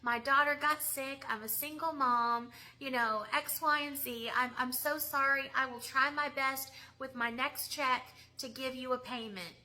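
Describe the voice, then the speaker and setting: A woman's voice: high voice, steady tone, a little slow, few pauses, bright, forceful tone, exaggerated voice. A woman putting on the voice of an apologetic, struggling single mother begging for more time on a bill. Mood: pleading. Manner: pleading and apologetic.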